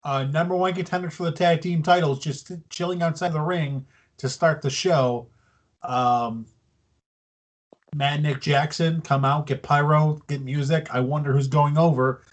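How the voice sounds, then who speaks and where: Higher-voiced man recapping wrestling. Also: fairly even intonation, moderate pace. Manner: loose, swearing, mocking impressions. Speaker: podcast co-host. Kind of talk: casual wrestling recap chat.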